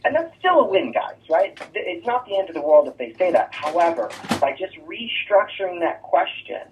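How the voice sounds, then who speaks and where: Guy coaching agents on sales scripts, keeps saying right?, kinda high voice, sounds thin like a phone and far from the mic. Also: very animated, moderate pace, muffled recording, slight background noise. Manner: coaching, rhetorical "right?" asides. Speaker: real estate trainer. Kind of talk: sales training talk.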